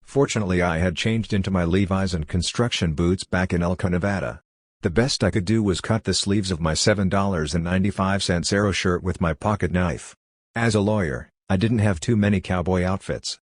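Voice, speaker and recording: A man's voice: sits low, a little fast, no room sound. A man giving a wry, matter-of-fact first-person audiobook narration into a close mic.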